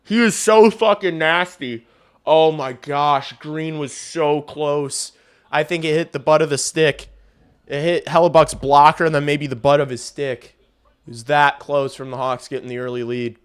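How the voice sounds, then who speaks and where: A young man hosting a casual livestream, giving play-by-play of a hockey game, swearing and swinging from muttered asides to loud outbursts. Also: a little high, moderate pace, clean tone. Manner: excitable, swears, shifts between mumbled asides and loud outbursts. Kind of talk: casual live reaction and play-by-play.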